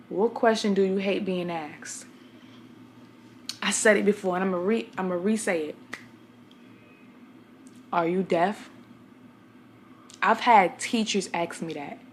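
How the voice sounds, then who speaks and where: A woman's voice: lowish voice, slight background noise. A young woman from Brooklyn, New York, talking casually to camera as a vlogger, a blunt and chatty storyteller who speaks straight to her viewers.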